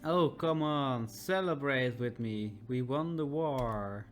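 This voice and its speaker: A man's voice: mid-range voice, takes it slowly, faint music behind, close to an everyday voice. A man voicing a spiteful, zealous soldier in a video game, talking in a sneering, threatening way.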